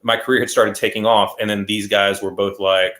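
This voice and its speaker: A man's voice: on the low side, level tone, brisk, a bit bright. A man guesting on an interview show, talking casually and at length in a laid-back, rambling way. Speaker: guest magician.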